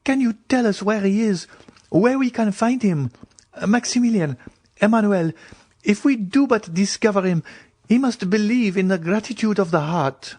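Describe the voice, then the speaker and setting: Audiobook: eager young woman, put on by a male reader, raised pitch, breathy edge. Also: normal speed, no echo. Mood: pleading. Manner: excited, pleading.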